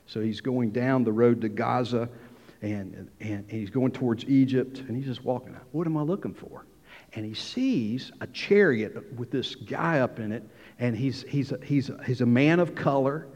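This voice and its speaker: A middle-aged man preaching a sermon, telling the story lively and acting out the dialogue. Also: medium pitch, normal speed. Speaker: pastor. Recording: dull hall sound with long reverb.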